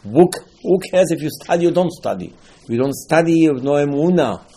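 Husky man teaching a Torah sermon. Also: fairly high pitch, lively intonation, brisk, dark tone. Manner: storytelling, acts out dialogues with rising emphasis. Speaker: rabbi.

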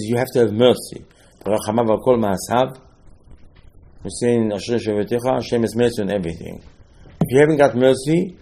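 Male preacher, husky, lively storyteller who shoots up in pitch when worked up. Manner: animated storytelling, rising to excited high-pitched outbursts. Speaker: rabbi. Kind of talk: sermon.

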